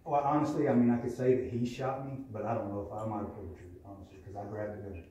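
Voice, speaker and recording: A man tells his story at a recovery meeting, blunt and profane. His voice is dark and mellow, caught from a distance in a very echoey room with a faint murmur behind. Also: on the low side, little pitch movement, very fast, muffled recording, slight background noise. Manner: candid, profane, plainspoken storytelling. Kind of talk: personal testimony.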